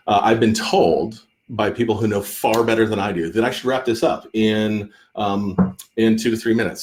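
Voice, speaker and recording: A man, an author hosting a live Q&A stream, chatting casually and rambling with many restarts and fillers. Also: fairly low pitch. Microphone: computer or phone mic on a live stream.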